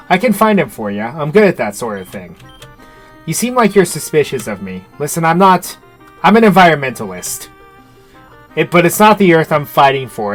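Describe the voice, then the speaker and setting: A man's voice: a little high, a bit bright. A man voicing a brash, eager environmentalist ally in a game, chummy with crude slang. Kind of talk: reading game dialogue aloud.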